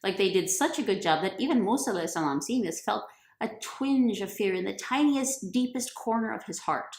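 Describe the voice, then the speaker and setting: A woman's voice: medium pitch, animated, brisk. A woman retelling a religious story in a playful, chatty, slangy way. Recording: roomy echo.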